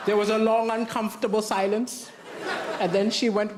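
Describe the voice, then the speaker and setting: A man's voice: high voice, fairly even intonation, normal speed, long pauses, background noise. A man from Malawi doing a stand-up comedy routine on a theatre stage, with punchy setups and dry punchlines. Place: large theatre stage before a live audience. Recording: live stage show with roaring audience laughter and applause.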